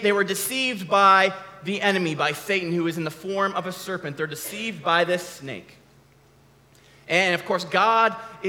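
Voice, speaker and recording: A man's voice: sits high, pushed and bright. A man giving a casual, conversational sermon, often restarting his sentences. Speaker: preacher. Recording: long hall reverb.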